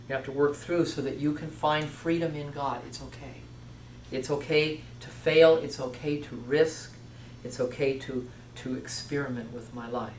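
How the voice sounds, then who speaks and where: Man, sermon-style lecture, slightly high voice, emphatic repeated lists, distant mic in a roomy hall. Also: slight background noise. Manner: repetitive, emphatic listing with self-restarts. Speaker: teacher speaking on Christian vocation. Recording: echoey room, voice from far off.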